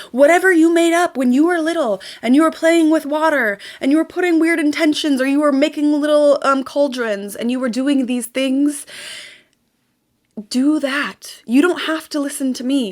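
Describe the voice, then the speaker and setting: A young woman in casual, emphatic motivational talk, repeating words and dropping to a soft whisper while guiding a ritual. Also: high-pitched. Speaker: spiritual vlogger.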